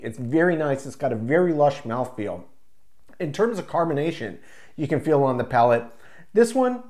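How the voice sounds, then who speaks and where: A man's voice: fairly high pitch, a little mellow. A man reviewing a craft beer in a casual, enthusiastic way, describing flavors in loving detail. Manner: enthusiastic, descriptive, savoring each word.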